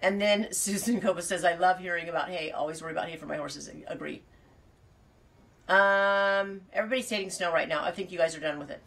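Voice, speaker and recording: A woman's voice: lowish voice, brisk, a bit bright, far from the mic, low-quality recording. A woman hosting a farm podcast, chatting casually to live viewers and reading their comments, rambling with frequent restarts and asides. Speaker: farmer and fiber podcast host.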